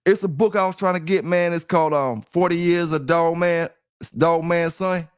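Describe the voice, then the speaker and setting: In casual livestream chat, a middle-aged host rambles and repeats himself, talking straight to his listeners. His voice is on the high side, steady and clean in tone, at normal speed, captured as clean studio sound with no echo.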